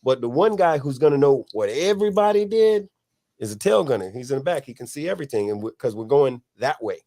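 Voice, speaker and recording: A man's voice: medium pitch, lively intonation, fast talker, dark tone. A man hosting a casual podcast chat, a motorcycle club member telling loose, profane stories about riding in a pack.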